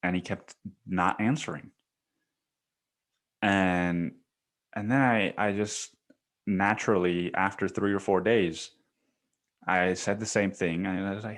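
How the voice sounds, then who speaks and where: A man's voice: low-pitched, fairly even intonation, unhurried, pauses often. Rambling, swearing young male podcaster. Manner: rambling, profane storytelling with frequent restarts. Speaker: podcast host. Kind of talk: casual solo podcast monologue.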